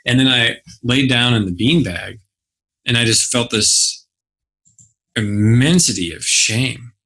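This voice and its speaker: Bright-toned man telling stories animatedly. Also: mid-range voice, takes it slowly. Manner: animated storytelling, acts out his own reactions. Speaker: guest, business mentor. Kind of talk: conversational interview.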